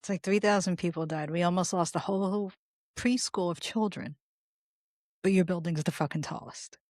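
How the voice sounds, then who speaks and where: A woman's voice: on the low side, moderate pace, a little mellow, no room sound, studio quality. A woman co-hosting a podcast, venting bluntly and profanely about politics in casual chat. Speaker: podcast co-host.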